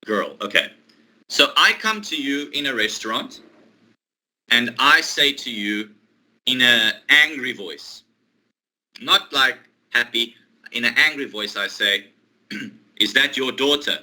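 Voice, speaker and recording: Male English teacher, crisp bright tone, unhurried and patient, guides a student step by step. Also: medium pitch, lively intonation, poor audio. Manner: patient, slow, step-by-step explanations with pauses. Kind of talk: online one-to-one English lesson.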